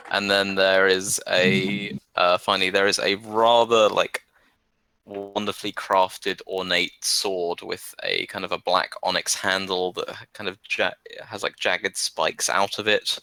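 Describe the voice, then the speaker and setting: Deep-voiced man running a tabletop game. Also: rough recording. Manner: relaxed, hesitant with fillers. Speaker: game master.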